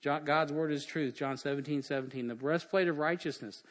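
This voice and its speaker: A man's voice: on the high side, brisk. A middle-aged male pastor preaching a sermon, emphatic and full of rhetorical questions. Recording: long hall reverb.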